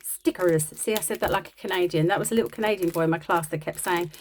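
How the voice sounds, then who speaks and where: A woman's voice: on the low side, rapid-fire, slight background noise. A woman chatting casually and rambling a little as she shows off her craft supply haul. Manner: chatty, rambling, self-deprecating. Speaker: crafting vlogger. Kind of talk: casual show-and-tell chat.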